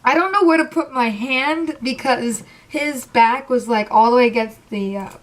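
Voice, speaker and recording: A young woman telling an excited, rambling storytime about meeting her idols, emotional and close to tears. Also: fairly high pitch, normal speed. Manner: gushing, rambling, says literally a lot. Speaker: vlogger.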